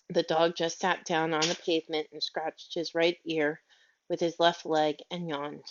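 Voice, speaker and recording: A woman narrating a children's story aloud in a gentle, measured reading. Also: deep voice, flat delivery. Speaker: audiobook reader. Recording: dull lo-fi audio.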